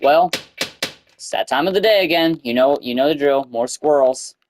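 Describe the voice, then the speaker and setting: This male streamer talks through his gameplay at normal speed in a voice on the high side, with a noisy background. Excitable and casual, he curses and lets out panicked yelps.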